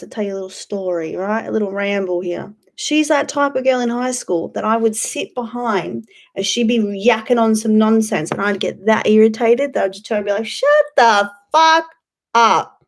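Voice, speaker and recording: A woman's voice: a little high, vocal fry. A woman hosting a casual livestream, rambling, swearing freely and answering chat. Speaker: YouTube livestream host.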